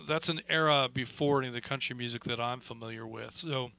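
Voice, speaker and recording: A man's voice: mid-range voice, fast talker, creaky, pushed and bright, smooth, poor audio. A man hosting a radio net, chatting in a folksy, friendly way with many fillers. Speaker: radio net control host. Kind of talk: casual radio net chat.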